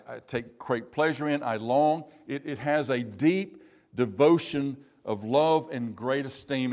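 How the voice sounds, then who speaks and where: A man preaching a sermon in a church, slowing down to stress key phrases. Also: mid-range voice. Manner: measured, emphatic preaching with slow stressed phrases.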